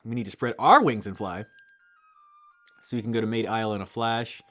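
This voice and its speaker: A man's voice: lowish voice, brisk, fairly bright tone, faint music behind. Joking man commentating a game. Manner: joking, swears casually. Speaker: let's-play host.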